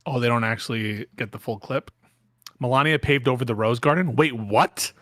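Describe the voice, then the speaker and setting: A man's voice: medium pitch, a bit bright, no echo, studio quality. Playful, jokey man co-host. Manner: playful, jokey, asks rapid questions. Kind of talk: casual chat.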